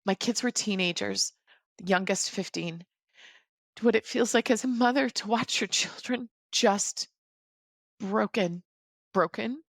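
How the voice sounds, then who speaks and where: A woman in her forties, a podcast guest, recounting a personal story in a measured, reflective way. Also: medium pitch, creaky, no room sound, clean studio sound.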